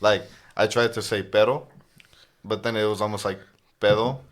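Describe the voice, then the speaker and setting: A man's voice: fairly low pitch, flat delivery, fast talker, fairly bright tone. A man from Detroit, a guest on a podcast, chatting loosely and casually with lots of filler talk.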